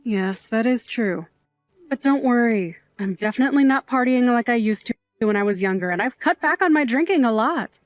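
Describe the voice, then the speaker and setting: A woman's voice: fairly high pitch, lively intonation, normal speed, no echo, clean studio sound, faint music behind, close to an everyday voice. A woman playing a middle-aged aunt who raised her nephew, a sentimental night worker who is fond, dramatic and teasing. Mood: reassuring. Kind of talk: scripted dialogue drama.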